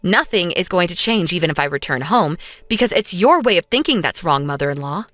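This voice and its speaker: A woman voicing a calm young wife who firmly lectures her mother-in-law. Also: fairly low pitch, a little fast, dry recording. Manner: cool, lecturing, steady. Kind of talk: dramatized story dub.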